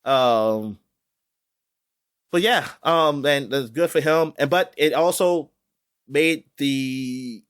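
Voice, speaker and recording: A man co-hosting a podcast in casual chat, rambling and animated, with many fillers and restarts. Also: mid-range voice, slow pace, pauses often, clear, resonant tone. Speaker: podcast co-host. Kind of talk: casual chat about sports.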